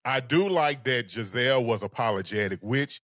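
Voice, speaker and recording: A man co-hosting a casual recap show, talking in a sassy, animated way. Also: medium pitch, moderate pace, no room sound, clean studio sound. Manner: sassy, animated, sings phrases. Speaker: podcast co-host.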